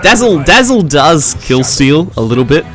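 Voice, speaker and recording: Young male gameplay commentator, casual and chatty, tense bright tone. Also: fairly high pitch, normal speed. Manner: chatty, laughs often, excitable at tense moments. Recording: faint background music.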